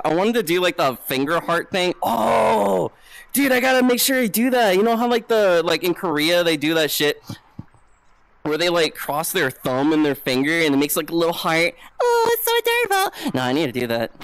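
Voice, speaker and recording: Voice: medium pitch, a little fast, a bit bright, no room sound, poor audio. A streamer chatting casually and hyperactively on a live VR stream, swearing freely. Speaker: VTuber streamer. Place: home setup, playing VR. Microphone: VR headset setup.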